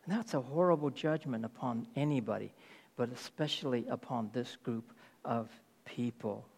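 A man's voice: mid-range voice, normal speed, vocal fry, darkish tone, breathy edge. A man preaching a sermon, reading Bible verses aloud and paraphrasing them with emphasis.

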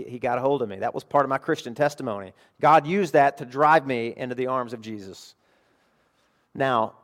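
A middle-aged man preaching a sermon, earnest, moving between quiet confiding passages and emphatic declarations. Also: mid-range voice. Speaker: pastor.

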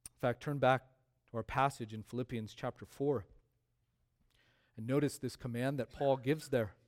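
A man preaching a sermon as pastor, stressing key words by repeating them and swinging between quiet drops and loud rises. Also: mid-range voice, fairly even intonation, normal speed.

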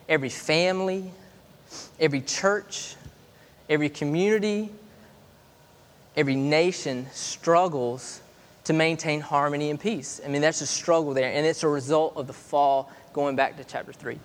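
A man in his thirties preaching a sermon in a chatty way, stopping and restarting often. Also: fairly high pitch. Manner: conversational, halting with many restarts. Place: church hall. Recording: long hall reverb.

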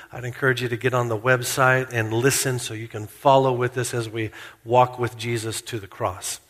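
A man preaching a sermon in a church, earnest and slowing down to stress key points. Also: mid-range voice, a bit bright, big-room sound. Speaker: pastor.

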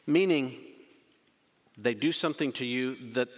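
A man preaching a sermon as pastor, impassioned, swinging between loud urgent questions and quiet emphasis. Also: medium pitch, measured pace. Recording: hall reverb.

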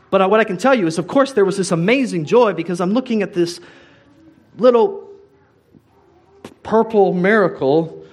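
A man, a pastor, preaching a sermon in a conversational way, often turning to ask his congregation questions. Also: high-pitched.

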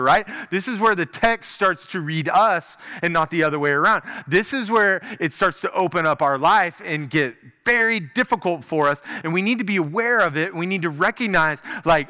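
A man preaching a sermon in a conversational, animated way, full of rhetorical questions. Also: sits high, normal speed, few pauses.

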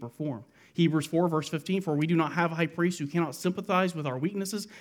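A man preaching an expository sermon, dropping soft at the ends of points and rising emphatic on key phrases. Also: a little high.

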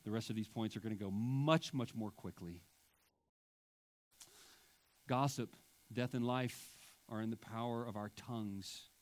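A man's voice: on the low side, unhurried, pauses often. A male pastor preaching a sermon with emphatic delivery and wry asides.

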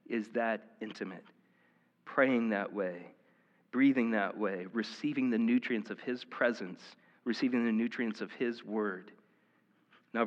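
A man preaching a conversational sermon as pastor, casual and earnest, with lots of "like" and "uh". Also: medium pitch. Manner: casual, filler-heavy, earnest. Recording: reverberant hall, dull sound.

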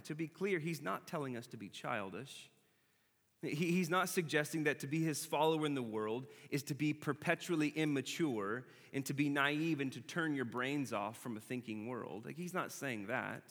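Conversational preacher in a reverberant church. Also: male voice, medium pitch. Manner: conversational preaching, repeats key phrases slowly for emphasis. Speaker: pastor. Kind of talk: sermon. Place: church sanctuary.

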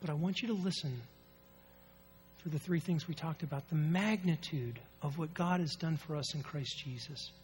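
A man's voice: fairly high pitch, soft background music. Nasal, stuffy-voiced male pastor preaching. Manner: storytelling, rising and falling emphasis, reads scripture slowly. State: nasal from allergies. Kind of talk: sermon.

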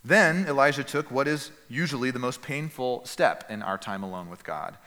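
A man preaching a sermon as pastor, earnest and emphatic, with dramatic pauses and quiet drops. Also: mid-range voice, expressive, big-room sound.

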